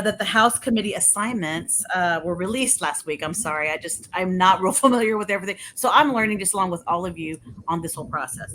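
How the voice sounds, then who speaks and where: A woman's voice: mid-range voice, bright, forceful tone, slight background noise, rough recording. A woman from rural Texas, giving a chatty policy update with apologetic asides. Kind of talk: casual online update talk.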